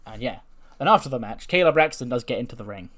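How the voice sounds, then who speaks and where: A man's voice: medium pitch, expressive, fast talker, fairly bright tone. A man casually recapping a wrestling show, chatty and full of fillers.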